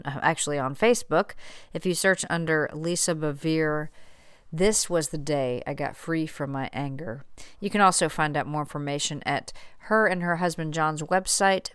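A woman hosting a show, giving a relaxed closing with small slips and fillers. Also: sits low, clear, resonant tone, dry recording, clean studio sound. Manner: relaxed, slightly rambling with fillers. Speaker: host. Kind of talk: casual show sign-off.

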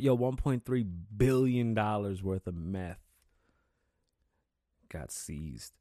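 A man hosting his own podcast, talking loosely and excitably, swearing often and stumbling over words. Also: lowish voice, slow pace, long pauses, dry recording, studio quality. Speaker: podcast host. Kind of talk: casual solo podcast talk.

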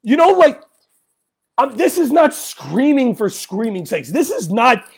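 Man, angry sports podcast host, high voice, swooping pitch, slow deliberate ranting, bursts of yelling. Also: very animated, creaky, slightly rough. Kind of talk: heated fan rant.

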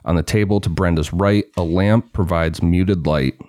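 Deep-voiced man narrating true crime. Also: moderate pace, darkish tone, dry recording, clean studio sound. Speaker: podcast host.

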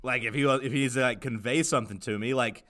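Bright-voiced man chatting casually. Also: medium pitch, quick pace. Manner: rambling, joking, lots of fillers. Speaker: podcast co-host. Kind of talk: casual podcast chat.

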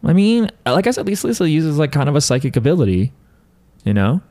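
A man's voice: on the high side, sing-song, fast talker, dark tone. A young man hosting a casual podcast chat, rambling with lots of fillers and frequent laughs, reading listener emails.

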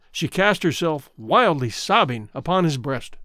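A man narrating a classic short story as an audiobook in a measured storytelling way. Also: fairly high pitch, big pitch swings, sharp tone, no echo, clean studio sound.

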